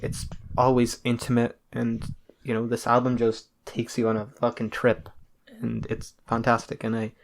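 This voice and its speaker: A man co-hosting a casual podcast, talking in a flat monotone. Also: mid-range voice, moderate pace, vocal fry, few pauses, a little hiss or hum. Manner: monotone delivery. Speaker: podcast co-host.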